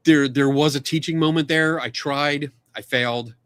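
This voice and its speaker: A man hosting a podcast, telling a casual anecdote, animated and laughing often, acting out other people's lines. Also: a little high, moderate pace, smooth, no room sound. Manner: animated storyteller, laughs often, acts out quotes. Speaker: podcast host.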